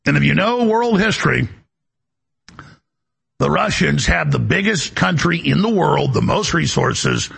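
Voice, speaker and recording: A man's voice: fairly high pitch, expressive, unhurried, creaky, pauses often, a bit bright, husky. A male talk show host delivering an emphatic, rambling political monologue, often repeating words as he goes.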